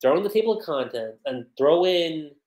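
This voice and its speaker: Casual streamer, mid-pitched, very expressive delivery, recorded in a reverberant room. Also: normal speed. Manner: chatty and animated, with frequent fillers. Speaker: host reviewing a manga chapter. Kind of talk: casual livestream review. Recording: roomy echo.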